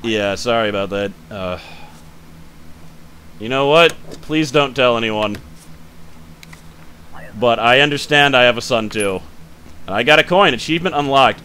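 A man giving casual let's-play commentary, thinking aloud as he checks details, quick to grumble and then apologize. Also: mid-range voice, bright, forceful tone, slight background noise. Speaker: gaming channel host.

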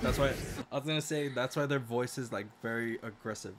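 A man co-hosting a reaction video, chatting casually in an animated way, swearing freely and laughing often. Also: mid-range voice, a little fast. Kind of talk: casual chat. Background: loud rock music from the video.

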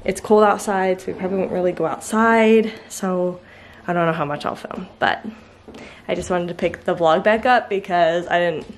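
A woman's voice: on the low side, steady tone, normal speed, slight background noise. A young woman casually chatting in a home vlog, with lots of "like" and "um" fillers. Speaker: vlogger and mother. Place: family home indoors.

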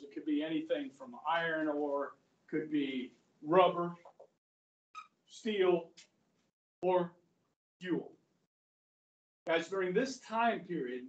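A man's voice: fairly high pitch, a little mellow, dull audio. Man lecturing in a roomy classroom. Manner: conversational, asks the class questions, acts out quotes. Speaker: history teacher. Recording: roomy classroom audio from far off.

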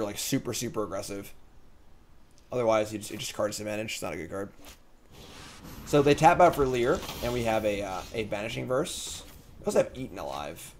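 A man with an ordinary mid-range voice hosts a card game stream, talking through his plays in loose live commentary. He thinks out loud, mutters through choices, and jokes with the chat as he goes. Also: medium pitch, slight background noise. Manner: thinking out loud, casual and chatty; jokey, reads chat comments aloud.

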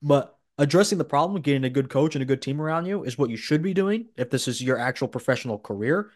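A man's voice: mid-range voice, lively intonation, fast talker. A man hosting a podcast, giving blunt opinions in casual chat with frequent restarts. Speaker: podcast host.

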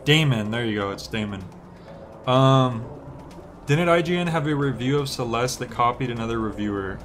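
A man's voice: medium pitch, normal speed, a bit bright, a little hiss or hum. Rambling young man streaming a game. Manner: rambling, lots of "like" fillers. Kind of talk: relaxed gameplay stream chat.

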